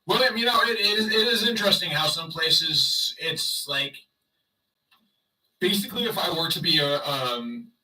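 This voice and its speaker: A man's voice: a little high, expressive, a little slow, bright, forceful tone, recorded from a distance, rough recording. A man livestreaming in casual chat, rambling and sarcastic as he talks to his viewers.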